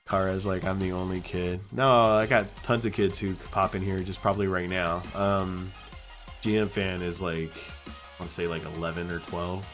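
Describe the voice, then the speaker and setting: A young man streaming live, chatting casually and acting out the people in his stories in a higher voice. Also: normal speed, soft background music. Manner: animated storyteller, acts out quotes in a higher voice.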